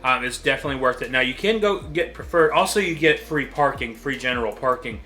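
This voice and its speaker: Casting: chatty male vlogger, bright clear tone, mouth on fire from hot sauce, halting with ums. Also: medium pitch, animated, faint music behind. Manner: nervous, chatty, frequent ums. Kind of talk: casual vlog chat.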